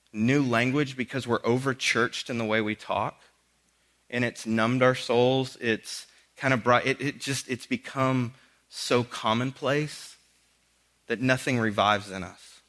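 Bright-voiced preacher. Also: male voice, fairly high pitch. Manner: conversational, acts out dialogue with casual asides. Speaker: pastor. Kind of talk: sermon.

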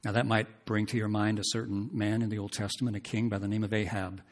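A man's voice: fairly low pitch, level tone, fast. A man preaching an expository sermon, talking conversationally, asking his listeners questions and reading scripture aloud with rising emphasis.

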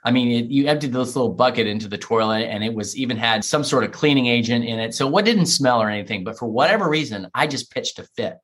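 A man's voice: medium pitch, fast, few pauses, a bit bright. A middle-aged man from the United States, an author telling a heartfelt personal story in an interview. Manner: earnest, heartfelt, emotional retelling. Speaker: author, guest.

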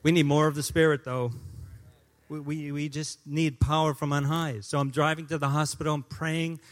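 Male guest pastor, 50s, preaching in church: humorous, animated, fairly high-pitched, loud-to-soft swings. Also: normal speed. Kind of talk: sermon. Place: church sanctuary.

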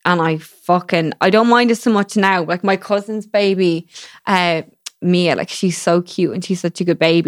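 A woman's voice: normal speed, smooth, no echo, studio quality. A young woman hosting a casual chat, swearing freely and laughing a lot. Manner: chatty, swears a lot, laughs often, high baby-talk impressions. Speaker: podcast host.

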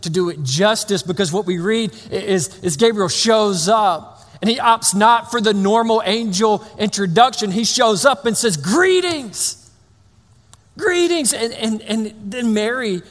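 A man's voice: sits high, normal speed. A man preaching a sermon in a loose, conversational way, full of restarts and playful asides. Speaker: pastor. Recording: long reverb of a large hall.

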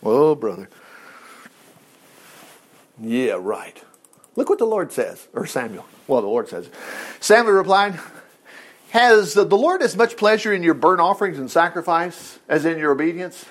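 A man with a high voice that leaps up and down as he teaches from the Bible. He talks casually and with animation, reading the text and stopping for quick remarks of his own. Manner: animated, reads scripture with asides and quick voiced quotes.

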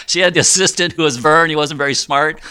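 A man's voice: on the high side, pushed and bright, clean tone. A middle-aged man hosting a financial radio show, explaining things step by step in a chatty, joking way with frequent fillers. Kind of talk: conversational radio talk.

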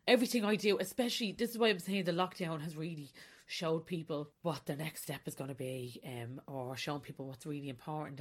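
Candid woman, lower voice. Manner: candid and confessional, breaking into laughter. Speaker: podcast host. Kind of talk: personal podcast monologue.

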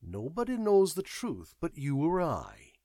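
A man voicing a detached, knowing man who speaks in a measured, wry way. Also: on the high side, wildly swooping pitch, warm tone, no echo, studio quality, pitched above the performer's own voice, exaggerated voice. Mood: calm. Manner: measured, wry, world-weary.

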